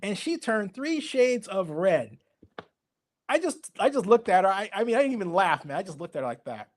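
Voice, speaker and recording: A middle-aged man telling stories as an interview guest, animated and acting out the voices of people he quotes. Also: high-pitched, moderate pace. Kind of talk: storytelling interview.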